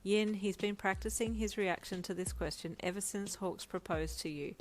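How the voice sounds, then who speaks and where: A woman voicing a calm young man who speaks in a deadpan, solemn way. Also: mid-range voice, moderate pace, soft background music, lightly acted.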